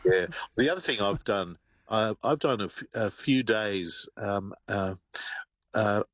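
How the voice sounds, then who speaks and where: A man's voice: on the low side, measured pace, no echo, highs cut off. An older man, co-hosting a radio show and sharing anecdotes with many fillers. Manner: warm anecdotal, hesitant with fillers. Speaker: co-host. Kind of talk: radio talk.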